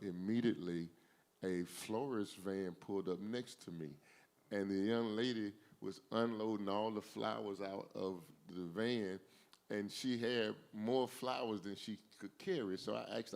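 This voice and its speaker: Reflective man with a low voice. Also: vocal fry, a little mellow. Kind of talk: personal storytelling.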